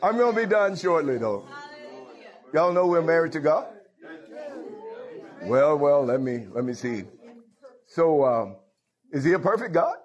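A man's voice: a little high, very animated, a little slow, long pauses, lo-fi sound. A man preaching a folksy call-and-response sermon, laughing and calling out hallelujahs.

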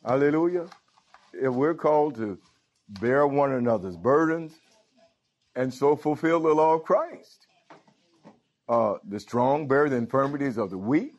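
A male pastor preaches in a loose, conversational way, often calling out to his congregation. His voice sits at a middle pitch. The church recording sounds a little dull and lo-fi. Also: lively intonation, unhurried, long pauses, darkish tone. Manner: informal preaching with frequent call-outs to the congregation. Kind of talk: sermon.

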